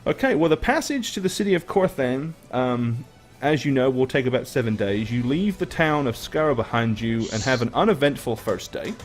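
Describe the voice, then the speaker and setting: A man narrating a tabletop game as game master, relaxed and pausing with fillers. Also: mid-range voice, faint music behind.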